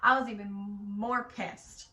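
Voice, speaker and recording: Young Michigan mom vlogger, bright and bold, chatty and animated storyteller, recorded at some distance in an echoey room. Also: female voice, medium pitch, slow pace. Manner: chatty, animated, swears casually. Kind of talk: casual storytelling while getting ready.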